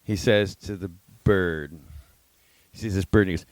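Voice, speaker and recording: A man's voice: low voice, moderate pace, no room sound. A man co-hosting a podcast, telling casual, profane stories and acting out what people said. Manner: profane, animated storyteller acting out quotes. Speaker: podcast co-host. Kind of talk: casual storytelling chat.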